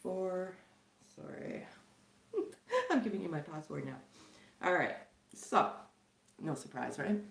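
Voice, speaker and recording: A woman's voice: lowish voice, big pitch swings, measured pace, vocal fry, long pauses. A middle-aged woman from Canada, a tarot reader chatting casually and loosely to her viewers, with many fillers and frequent laughs. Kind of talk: casual spiritual chat to viewers. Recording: echoey room.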